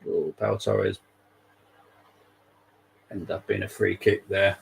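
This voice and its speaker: A man's voice: low-pitched, steady tone, takes it slowly, vocal fry, a little hiss or hum, rough recording. A man hosting a live football watchalong, chatting casually and wryly and laughing often. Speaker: fan channel host.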